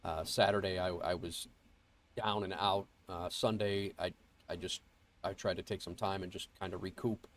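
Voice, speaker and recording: A man's voice: low voice, steady tone, moderate pace, a little hiss or hum. A man streaming a flight sim, chatting casually and greeting viewers, nasal and congested from a cold and rambling with fillers and restarts. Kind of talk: casual livestream chat. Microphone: earbuds mic.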